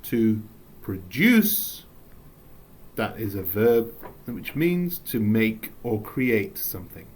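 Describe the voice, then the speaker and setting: A man from England with an English accent, teaching a recorded English lesson, reading slowly and adding playful asides. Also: lowish voice, sing-song, darkish tone.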